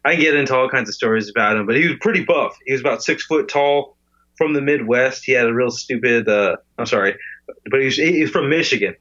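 A man's voice: mid-range voice, quick pace, a bit bright, muffled recording. A man co-hosting a podcast, telling rambling stories in casual chat. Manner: rambling storyteller, trailing off and restarting. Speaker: podcast co-host.

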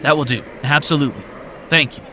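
A man's voice: on the high side, quick pace, noisy background, voice pushed up, close to an everyday voice. A man voicing an anxious woman in an audiobook. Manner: tense and pleading. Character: anxious woman searching for her daughter.

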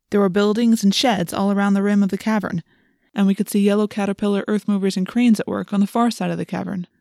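A woman narrating a first-person audiobook in a steady, plain storytelling voice. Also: mid-range voice, gravelly, dry recording, studio quality.

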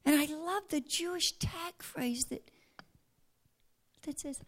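A woman preaching a sermon earnestly, often dropping to a hushed near-whisper. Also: sits high, slow pace, pauses often.

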